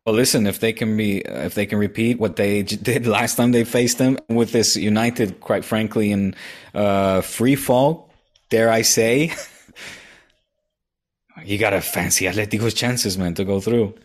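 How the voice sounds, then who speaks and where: A man with a fairly low voice chats casually as a podcast co-host. He is playful and jokey, and he drops easily into mock accents and bits of other languages. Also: measured pace. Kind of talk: casual chat.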